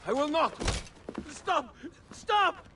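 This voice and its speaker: An actor playing a frightened male architect in a video game, pleading and shouting in panic. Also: very high-pitched, expressive, very slow, background noise, full character voice. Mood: panicked. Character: terrified male architect being beaten.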